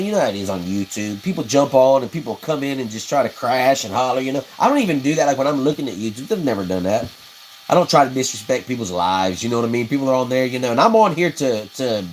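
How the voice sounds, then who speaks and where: Talking fast and animated in a mid-range voice, a man livestreams as he builds custom fishing rods. He rambles folksily, reads viewer comments aloud and laughs at his own stories, with a little hiss or hum on poor audio.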